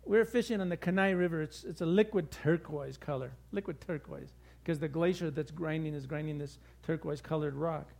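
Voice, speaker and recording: A middle-aged male pastor preaching a sermon with lively, conversational storytelling. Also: on the high side, normal speed, vocal fry.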